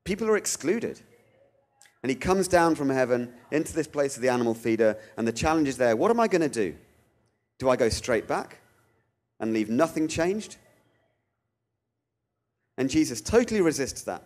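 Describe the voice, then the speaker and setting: A man speaks at an ordinary middle pitch, giving a theological talk. He tells stories with lively rises and acts out the voices of the people he quotes. His delivery is animated and expressive. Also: moderate pace, long pauses. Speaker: guest speaker.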